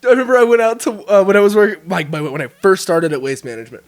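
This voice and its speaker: A man's voice: high voice, very animated, racing, no echo. A young man co-hosting a podcast in casual chat, telling stories while laughing and swearing casually. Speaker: podcast co-host.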